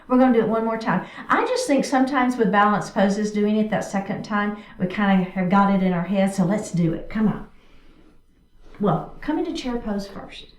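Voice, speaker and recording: A woman leads a guided chair yoga class, encouragingly cueing each movement step by step. She speaks at a moderate pace with a medium-pitched voice, picked up from a distance in an echoey room.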